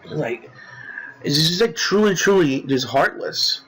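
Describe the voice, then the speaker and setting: Young male gamer commentator, a bit high-pitched, loose and rambling, worked up about a villain. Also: lively intonation, takes it slowly, a bit bright, husky, rough recording. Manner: rambling, many fillers and restarts; indignant about a character. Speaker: let's play commentator. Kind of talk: casual game commentary.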